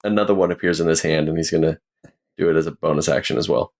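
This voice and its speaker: A man playing a tabletop game, describing his character's actions in an unhurried way. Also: extremely low pitch, fairly even intonation, darkish tone. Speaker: player.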